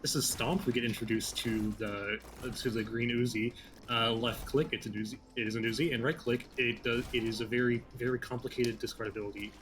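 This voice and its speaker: A man's voice: mid-range voice, steady tone, brisk, fairly bright tone, a little hiss or hum. A man giving casual commentary on a speedrun, explaining mechanics with dry jokes and frequent stumbles over his words.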